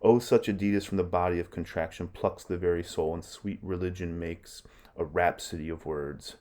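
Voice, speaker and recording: A man reads out a young prince berating his mother in verse. The voice is deep and low, and the verse is read plainly rather than acted in full. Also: steady tone, moderate pace, mellow, lightly acted. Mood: reproachful. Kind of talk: verse read aloud in class.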